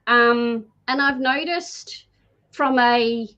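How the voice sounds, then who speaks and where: A talkative woman with a slightly high voice tells stories in a loose, chatty flow, packed with fillers and little acted-out quotes. The sound is dull and lo-fi, as if from a modest mic. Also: drawn-out words, fairly bright tone. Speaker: energy healer guest. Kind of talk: casual conversational storytelling. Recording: dull lo-fi audio.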